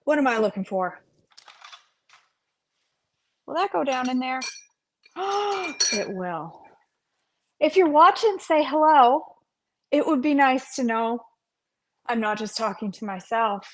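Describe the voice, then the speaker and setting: A woman's voice: high-pitched, lively intonation, slow pace, pauses often. Chatty woman hosting a kitchen livestream. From North Carolina, USA. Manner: chatty, greets viewers by name, playful sing-song asides. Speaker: cooking livestream host. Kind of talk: casual live-stream chat while cooking.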